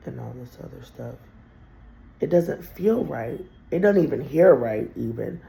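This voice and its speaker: A woman's voice: rumbling low, animated, normal speed, gravelly, mellow, a little hiss or hum. A woman telling a rambling, profane story straight to her viewers in a casual monologue.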